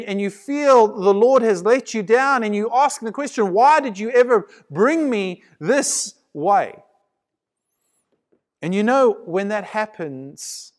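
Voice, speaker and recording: A man preaching a sermon, retelling a scripture story dramatically and often repeating words as he builds emphasis. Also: high voice.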